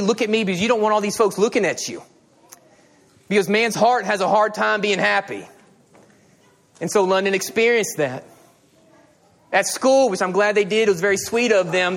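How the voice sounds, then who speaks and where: A middle-aged man preaching a sermon as a pastor, animated and telling stories with quoted dialogue. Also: high-pitched.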